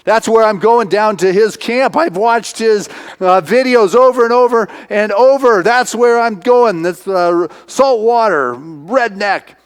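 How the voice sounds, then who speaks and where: A man voicing an eager young man in a retold story, speaking with slow, emphatic, repeating words. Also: sits high, clean tone, pitched above the performer's own voice. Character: excitable young man with Down syndrome.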